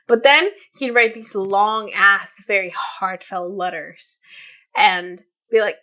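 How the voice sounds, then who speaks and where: A woman's voice: medium pitch, expressive, unhurried, pushed and bright. A woman in her late twenties, co-hosting a podcast and retelling a story in casual chat, with many fillers and quoted voices. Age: 20s. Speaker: podcast co-host.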